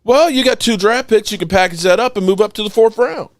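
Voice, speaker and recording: A man hosting a casual sports podcast, talking in an animated, excitable way and swearing now and then. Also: quick pace, dry recording. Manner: animated, excitable, swears, acts out quotes in a high voice. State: voice strained, coughing.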